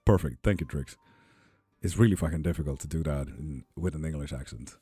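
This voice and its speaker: A young man chatting casually on a live stream, reading viewer comments, relaxed, swearing freely and cheering people on, a little ill and foggy. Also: rumbling low, brisk, husky, no room sound, faint music behind. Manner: laid-back, swears freely, upbeat cheering. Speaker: live tarot and spell streamer.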